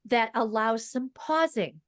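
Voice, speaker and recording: A woman who is a speech-language pathologist, speaking as a podcast guest in a fast, emphatic, teacherly way. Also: fairly high pitch, lively intonation, a bit bright, no room sound, clean studio sound. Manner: fast-talking. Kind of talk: podcast interview.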